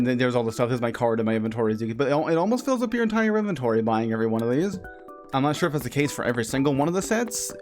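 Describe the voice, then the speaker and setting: Brief: casual streamer talking over gameplay, self-correcting and chatty, soft game music underneath. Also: medium pitch.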